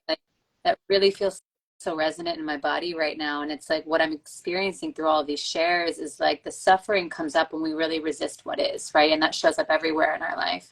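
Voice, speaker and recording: A woman host chats in a casual podcast, telling stories with lots of likes and ums. Her voice sits on the lower side. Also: vocal fry, rough recording. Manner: animated storyteller, many likes and ums.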